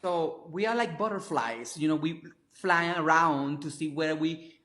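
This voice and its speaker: Energetic male performer, Latin American Spanish accent, slightly high voice, effusive chat. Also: unhurried, reverberant, crowd noise. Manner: energetic, effusive, non-native phrasing. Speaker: performance artist, interview guest. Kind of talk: casual interview chat.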